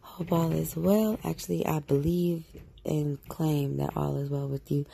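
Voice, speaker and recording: A woman speaking up in a chat room to thank the host, earnest and grateful, with a hoarse voice that cuts in and out. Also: sits low, fairly even intonation, a little slow, mellow, a little hiss or hum. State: voice cutting in and out, hoarse.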